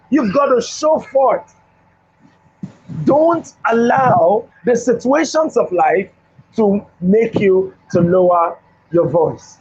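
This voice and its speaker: A man's voice: very high-pitched, darkish tone, breathy edge. A male host giving a motivational talk with a Bible story, preacherly and repeating phrases for emphasis, in a studio. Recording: dull lo-fi recording.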